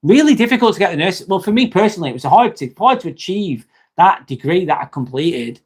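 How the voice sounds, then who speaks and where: A man's voice: sits high, very animated, fairly quick, slightly rough. Chatty man in his forties. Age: 40s. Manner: chatty, blunt, often trails off into "um" and "mate". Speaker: livestream host and nurse. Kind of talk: casual livestream chat with viewers.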